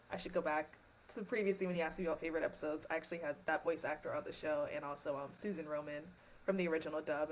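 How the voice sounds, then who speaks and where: A woman's voice: on the low side, a little hiss or hum, low-quality recording. A woman guest on a podcast, chatting casually and enthusiastically with frequent fillers.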